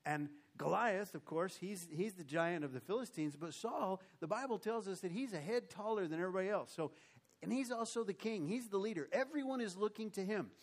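A man's voice: high voice, fairly quick. A man preaching a sermon. He reads old scripture aloud, then comments on it with emotion and emphasis.

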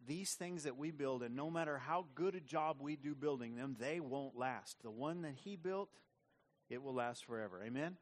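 A man's voice: medium pitch, moderate pace. A man preaching a sermon in a conversational, repetitive way. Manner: conversational preaching with frequent repeated words. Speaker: pastor.

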